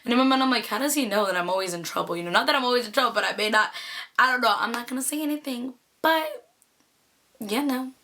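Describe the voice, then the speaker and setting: A young woman from the Bay Area recounts a story in a casual vlog, her speech rapid and peppered with "like." Her voice sits a little high, with a bright, forceful edge. The delivery stays animated and chatty throughout. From Bay Area, California. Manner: chatty, animated, lots of "like" fillers. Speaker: vlogger.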